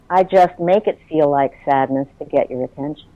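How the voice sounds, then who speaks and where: A woman's voice: on the low side, normal speed, hardly any pauses, darkish tone, no room sound, low-quality recording. A woman in her sixties, a guest on a talk show, speaking openly and heartfelt about her feelings. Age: 60s. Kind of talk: casual interview.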